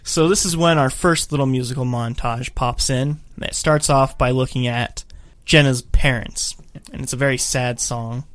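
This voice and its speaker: A man's voice: medium pitch, moderate pace, no room sound. Dry-sounding man recapping a film. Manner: animated storyteller, acts out quotes. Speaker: podcast co-host. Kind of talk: casual chat recapping a film.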